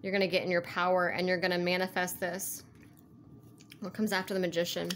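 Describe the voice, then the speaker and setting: A woman's voice: lowish voice, flat delivery, brisk. Woman rambling thru a tarot reading, says like a lot, earnest, bit of hiss behind her. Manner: rambling, heavy use of "like", earnest and encouraging. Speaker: tarot reader. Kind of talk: casual tarot reading to camera.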